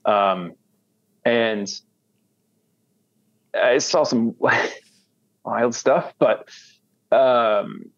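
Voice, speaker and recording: A man's voice: medium pitch, extremely slow, gravelly, pauses often, no room sound. An American man talking casually as an interview guest, rambling with many restarts. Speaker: guest, commodity trader. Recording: dull, dry sound.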